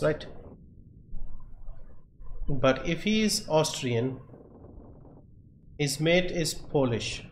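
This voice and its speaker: A man streaming a game live, thinking aloud and muttering options to himself. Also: medium pitch. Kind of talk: live gameplay commentary. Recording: echoey room, faint background noise.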